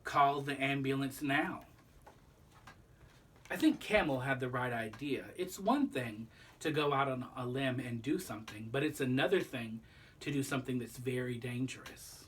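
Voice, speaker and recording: A man reading a children's book aloud, pausing to explain the lesson to young listeners. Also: medium pitch, expressive, far from the mic, a little hiss or hum. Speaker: storybook reader.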